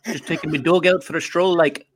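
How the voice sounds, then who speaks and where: A man's voice: fairly high pitch, steady tone, measured pace, slightly rough. A man doing an exaggerated joke Irish accent, playing a Wexford local out walking his dog. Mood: joking. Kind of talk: jokey podcast impression.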